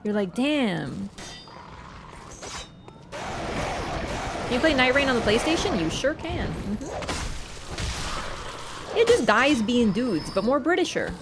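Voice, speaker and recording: A young woman streamer giving chatty, excitable gameplay commentary, swearing and laughing often. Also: a little high, unhurried, long pauses, background noise.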